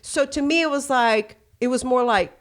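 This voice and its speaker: This podcast host is a Texan woman whose voice sits high, moving at a normal speed. Her chat is casual and candid, heavy on filler phrases, and she slips into voices to perform quoted dialogue.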